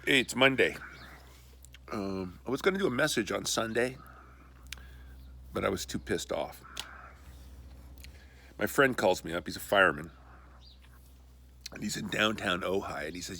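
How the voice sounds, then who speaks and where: A man delivering an angry, profane personal rant, swinging from loud exasperated outbursts to low mutters. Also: unhurried, vocal fry, pauses often. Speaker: video message maker.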